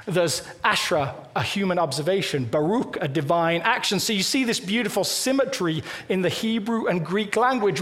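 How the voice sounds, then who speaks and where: A man preaching a sermon in a church, talking in a conversational, animated way and acting out little quoted lines. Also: high-pitched. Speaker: pastor. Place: church auditorium.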